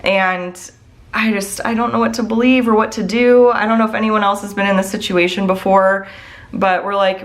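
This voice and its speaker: A mom who vlogs chats casually with her viewers, rambling candidly and sounding worried, her talk packed with "like" and "I don't know." Her voice is medium-pitched and steady, at a moderate pace.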